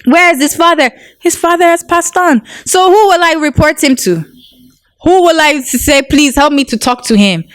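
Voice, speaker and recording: High-voiced woman in her thirties. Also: moderate pace. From Jamaica. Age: 30s. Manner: animated, repeating phrases for emphasis. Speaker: interview guest. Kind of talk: emotional interview testimony.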